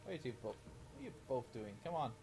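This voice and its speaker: A man's voice: mid-range voice, sing-song, rapid-fire, noisy background. A man giving casual, joking commentary while playing a video game. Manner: joking, offhand remarks. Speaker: gaming streamer.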